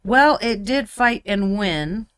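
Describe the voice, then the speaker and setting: A woman's voice: medium pitch, animated, slow, fairly bright tone, clean tone, no room sound, studio quality. A woman painting miniatures on a live stream, chatting playfully and muttering to herself as she works. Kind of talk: casual chat while painting.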